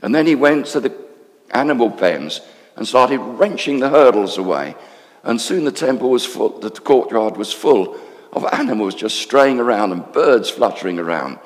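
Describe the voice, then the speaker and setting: An actor playing a male temple council member, telling a friend in confiding, animated storytelling what he has seen. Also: mid-range voice, normal speed, in a large hall, close to an everyday voice. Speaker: storyteller in character. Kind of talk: dramatic monologue.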